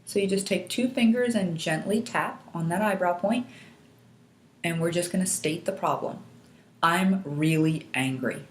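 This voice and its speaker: A woman instructor calmly guiding listeners step by step through a tapping technique, asking them to repeat after her. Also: lowish voice, normal speed, slight background noise. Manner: calm, patient step-by-step guidance. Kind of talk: guided instructional demonstration. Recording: echoey room.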